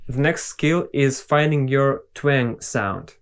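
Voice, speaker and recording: Male vocal coach, young, Russian native speaker, very slow unhurried delivery, patient explainer. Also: mid-range voice, animated, clean tone. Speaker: singing teacher. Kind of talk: vocal lesson with sung demonstrations.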